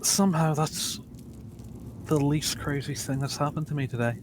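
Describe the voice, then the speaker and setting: A man's voice: a little high, steady tone, normal speed, noisy background. A man playing his character in a tabletop game, musing and trailing off. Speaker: player.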